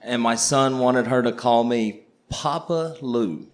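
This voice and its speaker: A man's voice: medium pitch, slow. Older man, good-humored storyteller. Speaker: co-host, history teacher. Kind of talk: casual panel chat.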